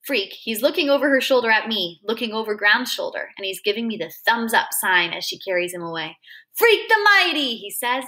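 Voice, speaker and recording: Bright woman reading a novel aloud. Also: mid-range voice, a little fast, hardly any pauses. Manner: expressive, dramatic storytelling. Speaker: reader.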